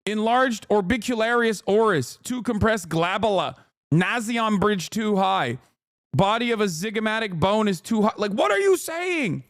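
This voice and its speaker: High-voiced ranting male streamer. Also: lively intonation, moderate pace, no echo, studio quality. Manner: ranting, profane, mocking voices in bursts. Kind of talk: casual livestream commentary.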